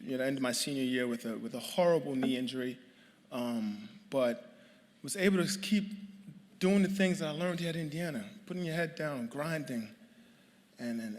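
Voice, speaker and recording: A man's voice: on the high side, slight background noise. A man in his late thirties from New York, giving a chatty, joking hall of fame acceptance speech full of fillers and restarts. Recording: long hall reverb.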